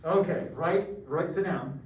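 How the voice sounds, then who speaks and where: A man's voice: high voice, measured pace. A middle-aged man teaching a math class, joking and rambling through stories. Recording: echoey room from far off, faint noise.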